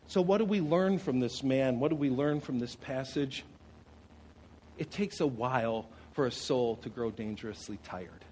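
A man preaching a sermon to a congregation, expressive, with rhetorical questions and dramatic pauses. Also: medium pitch, slight background noise, poor audio. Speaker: pastor.

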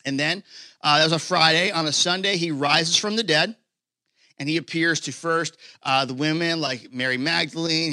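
A man preaching a sermon to a live congregation, animated and casual, swinging between excited bursts and hushed moments. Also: on the high side, dry recording, clean studio sound. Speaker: pastor. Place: church hall, live congregation.

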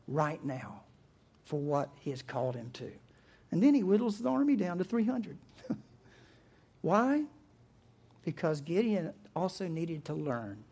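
A man's voice: on the high side, breathy edge. A man preaching a sermon in a casual, storytelling manner. He acts out voices for the characters as he goes and often breaks into a chuckle. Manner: animated storytelling, acting out quotes, chuckling. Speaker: pastor.

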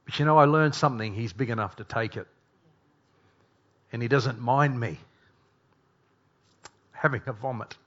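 A middle-aged male pastor preaching a sermon, earnest, moving between hushed confession and loud, emphatic passages. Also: medium pitch, moderate pace, long pauses. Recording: dull lo-fi recording.

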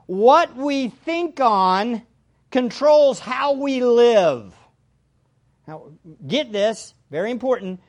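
Slow, emphatic woman preaching a sermon. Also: a little high, expressive, darkish tone. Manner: emphatic, repeats key phrases for stress.

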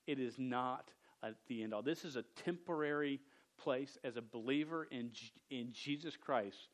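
A man's voice: mid-range voice, normal speed. A man preaching a sermon with a stutter, often repeating words, speaking earnestly and directly to a young audience.

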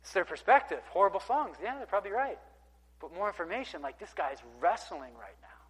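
A man preaching a sermon, talking through scripture in a relaxed, conversational style with emphatic bursts. His voice sits a little high for a man. It rings out with a long reverb, as in a large hall. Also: fairly quick, slightly rough. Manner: conversational, emphatic, reads scripture aloud with asides.

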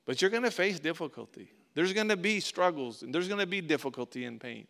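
A male pastor, preaching a conversational sermon that swells into emphatic bursts and drops to soft asides. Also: fairly high pitch, lively intonation, brisk, vocal fry, hardly any pauses.

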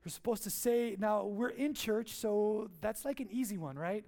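High-voiced playful man preaching. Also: normal speed, hardly any pauses, darkish tone. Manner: playful, jokey, with call-and-response questions. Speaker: pastor. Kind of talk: sermon. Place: church.

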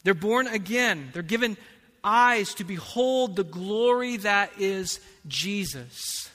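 A man preaching a sermon as pastor, slow and emphatic, swinging between hushed and loud passages. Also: high voice, expressive. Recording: long reverb of a large hall.

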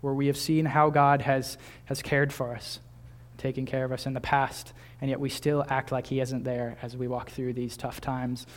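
A man in his twenties delivers a sermon at a medium pitch. He talks in an easygoing, chatty way, breaking off to restart phrases and slipping in small laughs. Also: level tone, moderate pace, hardly any pauses. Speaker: pastor.

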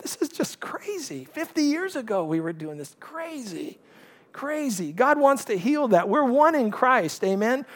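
A man preaching a sermon to a congregation, impassioned, with emphasis that rises and falls. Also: sits high. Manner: impassioned, rising and falling emphasis. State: out of breath at times. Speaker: pastor.

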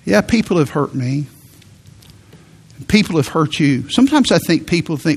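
A man's voice: a little high, lively intonation, normal speed, pauses often, slightly rough. A middle-aged male pastor preaching a sermon in an earnest, emphatic way, with sudden rises for emphasis.

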